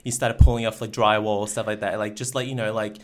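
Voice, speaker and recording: A man's voice: lowish voice, level tone, fast, lightly acted. A man voicing a laid-back male sea witch who runs a candle shop, in improvised comedy. He rambles and fills every sentence with "like.". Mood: chatty. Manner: rambling, full of "like" fillers.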